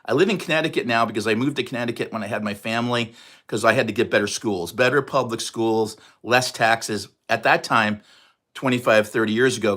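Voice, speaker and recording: A man in his sixties with a New York accent, chatting casually and fast on a livestream. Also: fairly low pitch, pushed and bright. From New York area, USA. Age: 60s. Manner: fast, chatty, reads out viewer comments. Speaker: livestream host.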